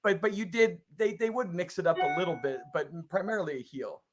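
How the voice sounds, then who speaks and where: A man's voice: sits high, expressive, fairly quick, background noise. Encouraging male podcast host. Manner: encouraging, frequent short affirmations. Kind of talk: casual interview.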